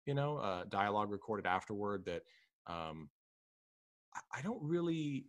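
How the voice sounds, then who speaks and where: A man's voice: lowish voice, lively intonation, measured pace, dry recording. A man hosting a casual film-discussion podcast, rambling with many fillers and restarts. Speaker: podcast host.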